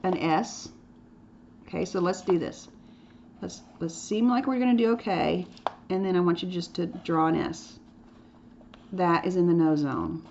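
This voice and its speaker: This woman's lowish, darkish voice moves a little slowly, with vocal fry and long pauses. She teaches drawing in a playful, chatty manner, dropping to whispered asides as she demonstrates. Faint noise runs through the dull, lo-fi audio.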